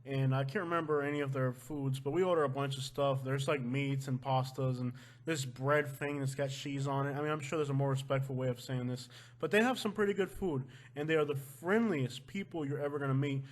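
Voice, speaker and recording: A man from Florida hosting a casual vlog, talking loosely and breaking into loud joking outbursts at home. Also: mid-range voice, steady tone, fairly quick. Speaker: vlog host. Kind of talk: casual chat. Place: at home with his wife.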